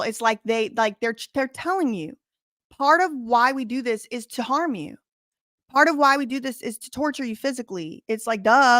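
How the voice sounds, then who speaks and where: A woman's voice: fairly high pitch, brisk, fairly bright tone, no room sound, studio quality. A woman hosting a live reaction stream, talking in an emphatic, profane and defiant way.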